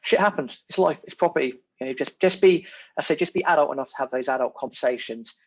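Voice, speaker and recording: A man, a podcast guest talking in a casual, animated and emphatic way, repeating his key words. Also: mid-range voice, fast talker, breathy edge. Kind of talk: casual conversation. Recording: muffled lo-fi audio.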